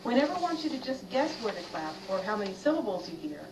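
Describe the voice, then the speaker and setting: A woman giving scripted narration for a children's learning video, clear and animated, asking listeners to join in. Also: medium pitch, quick pace. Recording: video played in a roomy space from far off, noisy.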